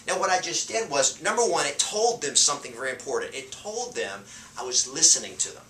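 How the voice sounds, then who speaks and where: A man's voice: on the high side, fairly quick, a little hiss or hum. A man giving a motivational real estate sales lesson, talking with energy and driving points home by repeating them. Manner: energetic and emphatic, drives points home with repetition; shifts loudness and pace to show a point. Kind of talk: motivational teaching talk. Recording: roomy sound from a distance off the mic.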